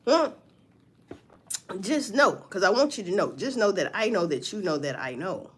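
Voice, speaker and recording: Animated woman gossiping on a livestream. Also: mid-range voice, moderate pace. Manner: profane, animated gossip with mocking asides. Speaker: livestream host. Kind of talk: casual livestream commentary.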